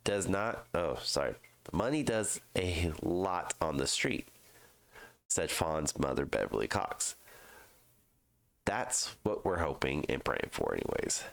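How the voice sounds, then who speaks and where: A congested man, hosting a true crime show and reading a news article aloud, halting with fillers and restarts. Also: a bass voice, no echo. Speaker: true crime podcast host.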